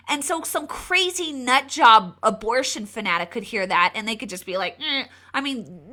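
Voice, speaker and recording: A woman hosting a live political commentary video, emphatic and given to repeating words as she talks. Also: sharp tone. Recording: re-downloaded lower-quality video.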